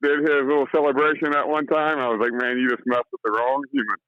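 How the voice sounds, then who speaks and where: A man's voice: mid-range voice, flat delivery, fast talker, no echo. A man calling in to a sports radio show, an eager fan who stammers and restarts. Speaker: caller. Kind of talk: phone-in sports chat. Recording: muffled phone-call audio.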